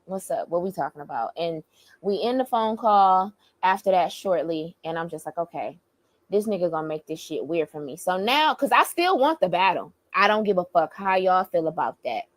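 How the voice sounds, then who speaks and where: A young woman, a battle rapper, telling a story in an animated, profane, emphatic rant. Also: on the low side, normal speed, dry recording.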